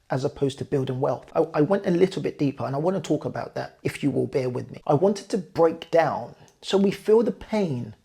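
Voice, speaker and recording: A man's voice: mid-range voice, gravelly, a little mellow, slightly rough. A man, a property investor, earnestly walking viewers through figures and speaking to them directly. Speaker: property investor and channel host. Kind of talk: explanatory talk to camera.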